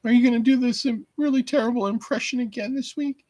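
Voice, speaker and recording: A man's voice: very high-pitched, fairly even intonation, fast talker, a little mellow, dry recording, pitched above the performer's own voice, rough recording. A man voicing a nervous, whiny teenage boy sidekick from a cartoon, complaining and stammering.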